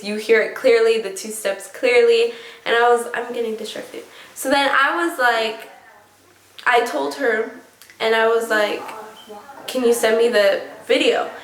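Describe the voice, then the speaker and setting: Excitable young woman telling ghost stories. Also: a little high. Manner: excitable, many fillers like "like" and "oh my gosh". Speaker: vlogger. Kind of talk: casual storytelling. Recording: echoey room.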